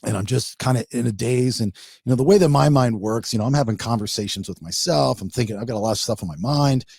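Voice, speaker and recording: A man's voice: mid-range voice, fast talker, gravelly, husky, no room sound. A man hosting a podcast, telling a funny story in a casual, rambling way. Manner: rambling, animated, acts out his wife in quotes. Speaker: podcast host.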